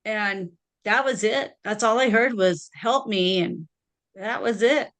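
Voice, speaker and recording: A woman's voice: medium pitch, unhurried, fairly bright tone. A woman hosting a podcast, chatting casually with her guest. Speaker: podcast host. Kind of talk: casual chat.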